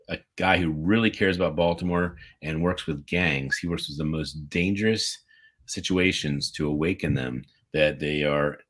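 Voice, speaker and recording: A man co-hosting a casual livestream over a video call, reading out birthday shout-outs in an enthusiastic, rambling way. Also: rumbling low. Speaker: podcast co-host.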